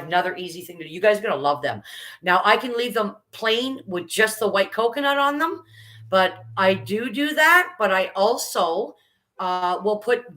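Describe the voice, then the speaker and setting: A woman's voice: on the low side, fairly bright tone, rough recording. A middle-aged woman talks casually through a live baking stream. She chats along as she works, greets viewers by name and reads out their comments.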